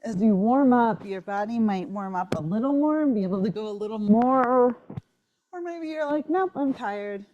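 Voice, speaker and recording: A woman teaching a yoga class while moving along with it, out of breath, encouraging and relaxed, often repeating "right?" and "maybe you're here.". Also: on the high side, normal speed, dull audio, a little hiss or hum. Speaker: yoga instructor. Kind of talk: guided yoga class instruction.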